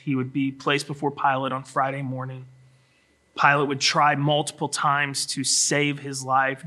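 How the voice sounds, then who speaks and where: A man preaching a sermon, acting out scripture in a dramatic voice that drops low and rises to a shout. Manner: dramatic voicing of scripture, swinging from hushed to shouting. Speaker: pastor.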